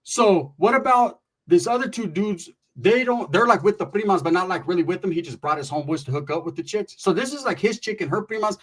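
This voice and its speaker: A middle-aged man from California telling a casual comic story in an animated, profane and slangy way, with quick asides to the listener. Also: high voice. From Merced, California.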